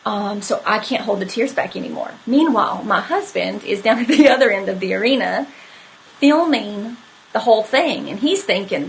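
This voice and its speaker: A woman's voice: medium pitch, animated, moderate pace, vocal fry, a little hiss or hum, low-quality recording. A woman telling a personal story to live viewers in a candid, conversational way, with many fillers. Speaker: horse trainer hosting a live stream.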